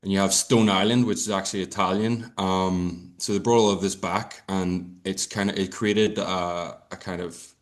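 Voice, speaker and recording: Irish man, lowish voice, casual podcast chat, rambling, swears a lot. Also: fairly even intonation, normal speed, hardly any pauses. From Ireland. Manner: rambling, swears freely, many restarts. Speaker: podcast guest.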